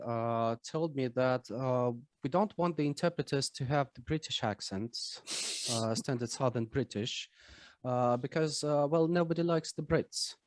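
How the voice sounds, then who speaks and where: A man's voice: medium pitch, no room sound. A man, a working interpreter, asking a question during an online talk, hesitating with many filler sounds. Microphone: video call.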